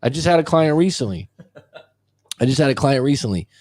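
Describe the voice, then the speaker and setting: A man hosting a relationship coaching talk show in casual chat, telling stories with lively acted-out quotes and casual swearing. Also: mid-range voice, brisk, dry recording, clean studio sound. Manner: animated storyteller who acts out quotes, swears casually.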